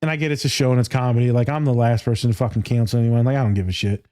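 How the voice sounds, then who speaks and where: A man hosting a podcast in casual chat, animated and swearing freely, laughing often. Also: medium pitch, very fast. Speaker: podcast host.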